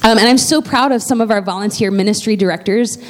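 A woman's voice: mid-range voice, fast talker. A woman pastor making church announcements from the pulpit, chatty and heartfelt, with plenty of fillers and restarts.

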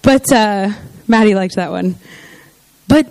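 A woman's voice: mid-range voice, takes it slowly, gravelly, a little mellow, dry recording. A woman giving a conversational sermon, chatty and informal, full of "you know" and "like" asides. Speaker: preacher.

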